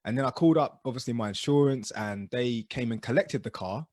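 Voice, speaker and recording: A man telling stories as co-host of a casual podcast chat, animated and dropping low and quiet for asides. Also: fairly quick, no echo, studio quality.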